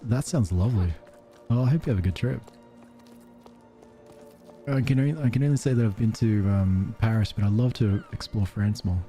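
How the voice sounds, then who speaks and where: An Australian man chatting casually while streaming a game, reacting to viewers' messages with soft chuckles. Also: fairly low pitch, normal speed, pauses often, faint music behind. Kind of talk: casual gameplay commentary.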